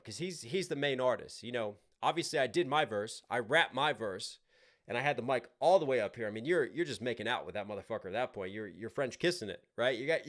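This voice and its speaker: An American man chats casually on his live stream. His talk is animated and loose, peppered with swearing and quick restarts. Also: medium pitch. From United States. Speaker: livestream host and rapper.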